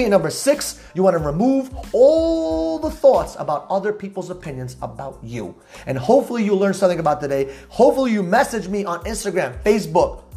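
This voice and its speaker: A man hosting a motivational podcast, talking loudly and emphatically with high energy and casual slang. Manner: repetitive, hype-driven street slang. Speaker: podcast host.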